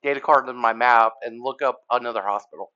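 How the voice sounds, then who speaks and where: A man's voice: medium pitch, brisk, bright, forceful tone. A man playing a tabletop game, casual and thinking aloud, heard over a dull online call. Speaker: player.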